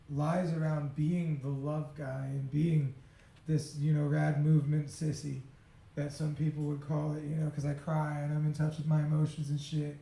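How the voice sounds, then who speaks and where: A man with a fairly high voice tells a confessional personal story, full of profanity and quick laughs. His talk is emotional and unfiltered. The sound is roomy, with a clear echo around him. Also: dark tone. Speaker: speaker sharing a personal story.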